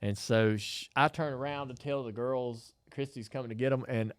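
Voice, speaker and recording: A man's voice: medium pitch, normal speed, smooth, no room sound. A middle-aged man, co-hosting a podcast and telling a story in a casual chat, acting out quotes as he goes. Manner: animated storyteller, acts out quotes. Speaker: podcast co-host.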